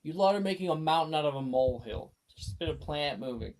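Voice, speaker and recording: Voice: medium pitch, expressive, quick pace, darkish tone, slight background noise, natural voice, poor audio. A game master voicing a brusque, strong young woman who dismisses the fuss as no big deal. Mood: dismissive. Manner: dismissive, matter-of-fact.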